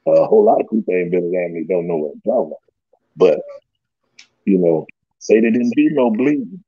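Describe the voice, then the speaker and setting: A man tells a story with big swings in pitch, acting out every quote. His voice is gravelly and husky. The recording sounds dull and lo-fi. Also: brisk. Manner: animated, laughing, swearing, acts out quotes. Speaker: storyteller guest. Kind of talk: casual storytelling.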